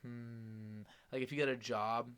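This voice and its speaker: Young male podcast host, mid pitch, quick mumbling rambler, casual chat. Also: little pitch movement, a bit bright, clean tone.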